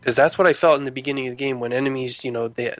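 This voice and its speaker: A man's voice: mid-range voice, fairly even intonation, rapid-fire, fairly bright tone, dry recording. A man chatting casually in a group, rambling, loose and profane.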